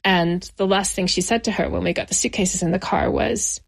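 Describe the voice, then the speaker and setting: A middle-aged woman as an interview guest, recounting her childhood in a reflective, measured way with slow pauses. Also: on the low side, gravelly. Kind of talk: personal memoir interview.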